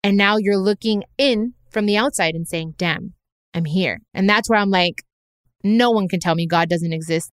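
A woman's voice: medium pitch, normal speed, clear, resonant tone, no echo, clean studio sound. A woman hosting her own podcast, talking in an earnest, reflective way and slipping in Spanish phrases now and then. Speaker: podcast host. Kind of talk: heartfelt personal podcast talk.

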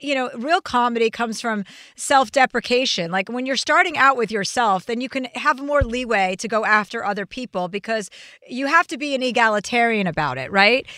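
A woman hosting a podcast in casual chat, blunt and profane, talking fast and freely. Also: fairly high pitch, sharp tone, no room sound, studio quality. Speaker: podcast host.

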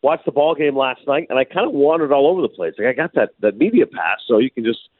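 A man co-hosting a radio show, telling stories in casual banter, animated and quick. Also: medium pitch, no room sound. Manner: animated storyteller, quick and lively. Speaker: radio co-host. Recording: phone-like radio line.

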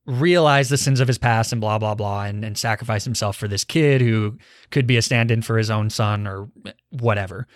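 A man's voice: medium pitch, dry recording, clean studio sound. A young man hosting a casual film review podcast, leading the talk and asking his co-hosts questions, candid and swearing now and then. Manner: leads the discussion, poses questions. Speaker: podcast host.

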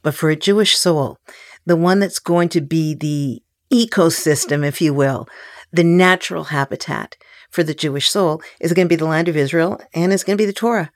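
A woman's voice: low voice, moderate pace, no room sound, clean studio sound. Encouraging woman hosting an interview. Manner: warmly encouraging, prompting questions. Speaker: podcast host.

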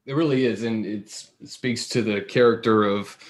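A man's voice: on the low side, fairly even intonation, normal speed. A man hosting an interview, often restarting his words with small stammers. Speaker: host. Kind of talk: casual interview.

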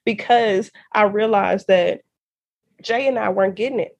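A woman in her thirties hosting a faith podcast, talking in an animated, casual way and laughing often. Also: medium pitch, moderate pace, gravelly. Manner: animated, laughs often, uses y'all and girl. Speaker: podcast host. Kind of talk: casual chat.

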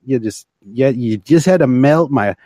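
Male host, mid-pitched, loose jokey rambling, lots of ums, live-stream chat. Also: expressive, dark tone, dry recording. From Canada. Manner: rambling, jokey, halting with many fillers. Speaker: livestream podcast host.

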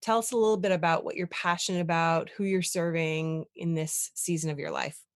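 Woman podcast host, lower register, upbeat and affirming, dry close sound. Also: steady tone, a little fast, no echo. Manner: enthusiastic and affirming. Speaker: podcast host and life coach. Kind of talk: conversational interview. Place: Toronto.

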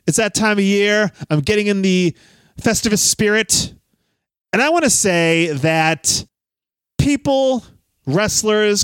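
A man hosting a casual wrestling podcast, chatty and quick to laugh. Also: sits high, clear, resonant tone, dry recording. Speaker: podcast host.

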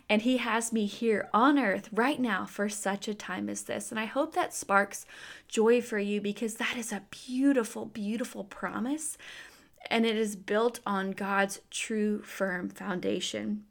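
Woman, 30s, faith speaker. Chatty storytelling that turns into an earnest, slow devotional message. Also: medium pitch, steady tone. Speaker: faith speaker and business owner.

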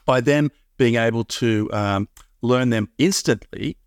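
A man's voice: mid-range voice, a little slow, gravelly, smooth, no echo. Australian guy, middle-aged, interview guest. Loose, rambling delivery, dry close sound. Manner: rambling, many restarts and fillers. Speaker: math curriculum founder, guest. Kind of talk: casual interview talk.

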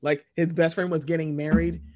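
A woman co-hosting a podcast in casual chat, animated and expressive, swearing freely. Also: deep voice, brisk. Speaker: podcast co-host.

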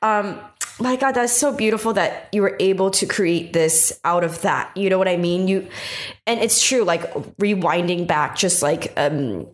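A young adult woman hosting a podcast, chatty, emotional and animated as she talks. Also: fairly low pitch, normal speed. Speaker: podcast host. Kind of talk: podcast interview.

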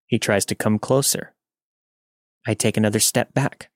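A man narrating a scripted first-person horror story in a steady, measured reading. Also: lowish voice, dry recording, clean studio sound.

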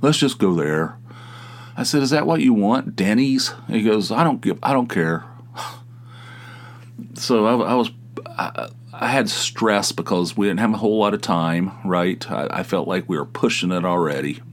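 A middle-aged man hosting a podcast, telling a personal story in a casual, animated way, jumping his voice up to act out quoted exchanges and swearing casually. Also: lowish voice, normal speed. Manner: self-deprecating, swears casually. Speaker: podcast host.

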